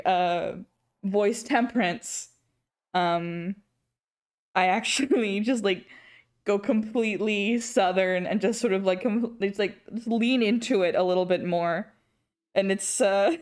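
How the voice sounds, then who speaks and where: A woman's voice: mid-range voice, a little slow, a little mellow. A young woman with an English accent chatting casually on an art stream as she draws, rambling, restarting her sentences, laughing often and swearing now and then. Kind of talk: casual chat while drawing.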